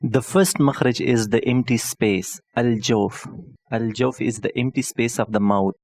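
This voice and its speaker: Man, online tutor, patient explanatory lesson, repeats points, deliberate, mid-pitched voice, dry close sound. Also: darkish tone, dry recording. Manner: patient, repeats each point several ways; spells out terms slowly and deliberately.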